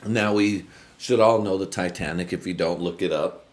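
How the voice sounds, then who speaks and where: A laid-back man from the United States riffs through a rambling podcast monologue, swearing freely as he goes. His voice sits a little low and stays easygoing. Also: moderate pace. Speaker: podcast host.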